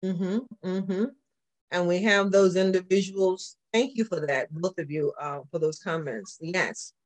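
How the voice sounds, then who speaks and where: Southern preacher teaching a church class. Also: male voice, high voice, a little slow. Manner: repetitive, asks the class questions. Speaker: pastor.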